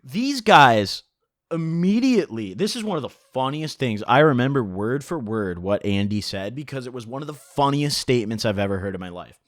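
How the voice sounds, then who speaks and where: A man's voice: medium pitch, lively intonation, normal speed, no echo, studio quality. A young man telling a profane, joking story in a casual vlog. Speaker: vlogger.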